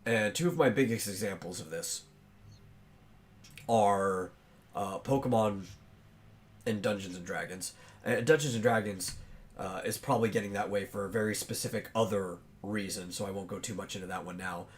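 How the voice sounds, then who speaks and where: A man hosting a casual podcast, thinking aloud as he talks, with many pauses and fillers. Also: on the low side. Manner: chews on bread while talking. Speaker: podcast host.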